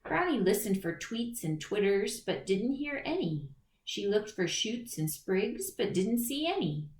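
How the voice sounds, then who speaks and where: Woman reading a kids book out loud, lively sing-song voice, roomy echoey sound. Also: medium pitch, unhurried. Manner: expressive, animated storytelling. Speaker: storybook reader. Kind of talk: picture book read-aloud. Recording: roomy echo.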